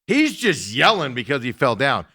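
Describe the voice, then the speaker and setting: Animated man ranting on a talk show. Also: mid-range voice, moderate pace, breathy edge, no room sound, studio quality. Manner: animated, mocking impressions, laughs often. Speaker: sports talk show host. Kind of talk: casual sports talk rant.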